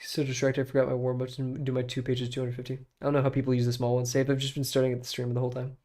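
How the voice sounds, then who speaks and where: This young man's mid-range voice races along as he livestreams himself practicing drawing. Relaxed and meandering, he keeps up a filler-heavy chatter directed at himself and his viewers' chat.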